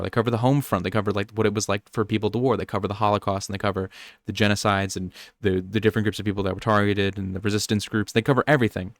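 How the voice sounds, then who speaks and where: A young podcast co-host from the US rambles through nerdy chat, restarting his sentences again and again. His voice is on the low side with a fairly bright tone. The recording is dry and sounds like a clean studio.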